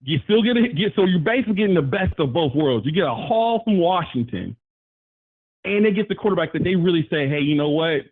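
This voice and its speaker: A man calling into a live sports talk show, rambling and animated, often jumping his voice up to quote people. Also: on the high side, fairly quick, no room sound, rough recording. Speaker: caller.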